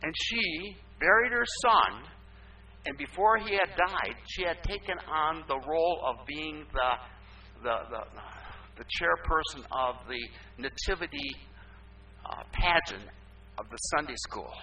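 Older guy preaching, kinda high, really sharp bright voice, bit far from the mic w/ faint hum. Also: expressive, a little slow. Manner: rhetorical questions, swings from loud emphasis to soft asides. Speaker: pastor. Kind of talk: sermon.

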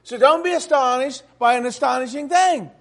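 A man's voice: very high-pitched, moderate pace, fairly bright tone. A man preaching a sermon to a congregation in church, emphatic and full of rhetorical questions.

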